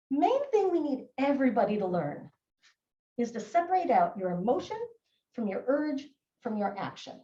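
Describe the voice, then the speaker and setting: A high-pitched woman gives a live training talk, mellow in tone and full of swooping inflection as she acts out quoted voices. She is picked up from a distance in an echoey room, and the sound is dull. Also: normal speed. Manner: lively, acts out quoted kids and adults. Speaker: presenter on child behavior. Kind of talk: recorded live training presentation. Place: presentation room.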